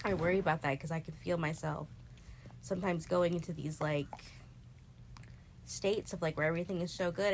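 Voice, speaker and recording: Tearful young woman with a gravelly voice. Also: slight background noise. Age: 20s. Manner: tearful, laughing through emotion, jumps high when quoting herself. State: crying at times. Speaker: podcast co-host. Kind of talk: emotional casual chat. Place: bedroom, on a bed.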